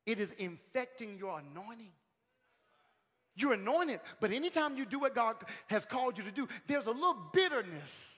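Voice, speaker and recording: A male pastor preaching a sermon in a church, calling out to the congregation, swinging from shouted peaks to sudden quiet lines. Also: very high voice, sing-song, normal speed, husky. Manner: calls out to the congregation. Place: church sanctuary. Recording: long hall reverb.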